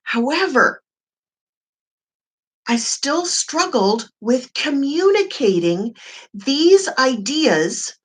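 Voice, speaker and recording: A woman's voice: on the high side, fairly bright tone. A woman life coach giving an emphatic, encouraging motivational talk to camera, full of rhetorical questions.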